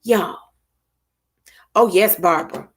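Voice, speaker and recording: A woman's voice: medium pitch, slow. A middle-aged woman, hosting a casual live stream and chatting with viewers by name. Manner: lively, chatty, greets viewers by name, Southern church expressions. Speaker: livestream host.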